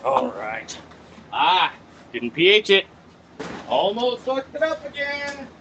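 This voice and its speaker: Man host, high voice, slow unhurried talk-along, mutters and swears at himself, dull lo-fi audio with faint hiss. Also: wildly swooping pitch, bright, forceful tone. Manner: thinks aloud, mutters and curses at himself. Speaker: host of a plant-growing channel. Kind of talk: casual talk-along while working. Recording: dull lo-fi with faint background noise.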